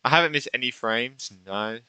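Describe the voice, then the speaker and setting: A man streaming a game in casual chat, out of breath, reacting excitably and swearing. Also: medium pitch, normal speed, clear, resonant tone, no room sound. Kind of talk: casual live-stream chat while gaming.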